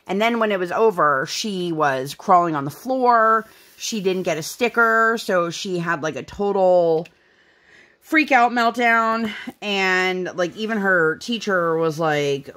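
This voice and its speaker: A woman's voice: on the low side, animated, moderate pace, fairly bright tone. A young woman hosting a craft channel, chatting casually while she works on a project at home, rambling with lots of fillers.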